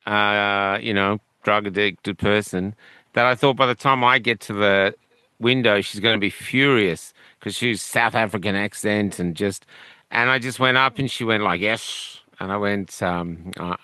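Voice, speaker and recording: A man's voice: lowish voice, steady tone, measured pace, sharp tone, clear, resonant tone, no echo. A man with an Australian accent telling the story of his own illness as an interview guest, rambling, with many fillers and restarts. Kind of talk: conversational storytelling.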